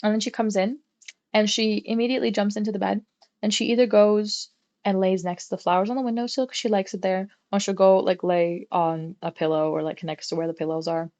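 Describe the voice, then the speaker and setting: A woman's voice: mid-range voice, fairly even intonation, brisk, dark tone. A young adult woman livestreaming from her bedroom at home, chatting casually in a rambling way and swearing now and then. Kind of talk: casual chat.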